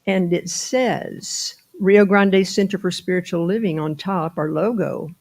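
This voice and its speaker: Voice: medium pitch, steady tone, a little slow. A board member leading a church benediction, speaking in rhythmic, repeated affirmations.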